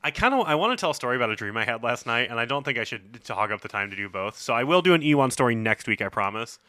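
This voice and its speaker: A man in his forties co-hosting a board game podcast, rambling through a story with plenty of "like" and "you know". His voice is bright and sits in a middle pitch. The sound is close and dry. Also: sing-song, rapid-fire, no room sound. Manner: rambling storyteller with many fillers. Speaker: podcast co-host. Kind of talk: casual chat.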